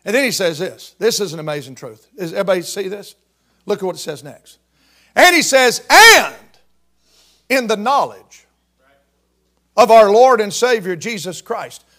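A man in his fifties preaching a sermon with fervent delivery that swells into shouts and whoops. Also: high voice, expressive, normal speed, pauses often. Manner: fervent Southern-style preaching, rising to shouts.

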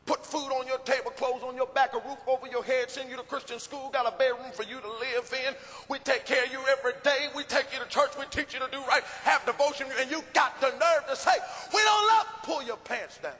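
A man voicing a stern, angry mother who yells and scolds her young son in a rhythmic chant. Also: very high voice, fairly even intonation, brisk, hardly any pauses, soft background music. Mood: scolding. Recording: live hall with audience ambience.

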